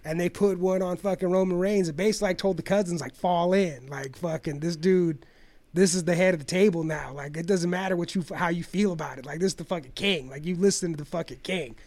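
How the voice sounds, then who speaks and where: A man talking in a casual chat, rambling and swearing as he tells long animated stories. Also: high voice, fast talker, dry recording. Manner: profane, rambling, animated storyteller.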